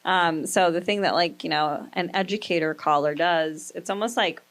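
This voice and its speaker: A woman's voice: fairly low pitch, moderate pace, a bit bright. A woman in her thirties hosting a podcast, chatting casually and telling profane stories, often acting out the quoted lines. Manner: loose, profane storytelling with acted-out quotes. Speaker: podcast host. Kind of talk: casual chat.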